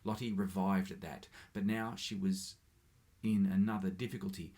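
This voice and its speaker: A man with a low, gravelly voice reads a short story aloud. He keeps a steady, measured pace, with a few small slips along the way. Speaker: reader.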